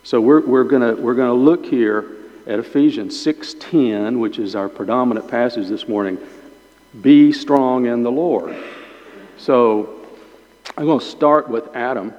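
A man's voice: mid-range voice, normal speed, a little mellow. A man teaching a Bible lesson to a small group, thinking aloud and often repeating his words. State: chewing gum in his mouth. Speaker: pastor leading a Bible class. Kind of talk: informal teaching sermon. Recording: dull lo-fi sound with long hall reverb.

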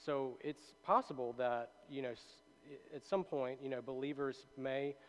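A man's voice: mid-range voice, a little slow, low-quality recording. Man teaching scripture conversationally. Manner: conversational, with many fillers and tag questions. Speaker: Bible teacher. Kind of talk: casual Bible study teaching.

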